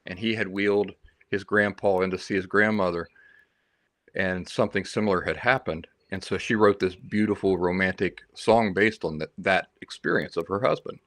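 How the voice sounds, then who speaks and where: In a casual livestream chat, a man with a deep, slightly bright voice tells stories in a rambling, chatty way at a normal speed and reads out viewer comments. The recording is dry.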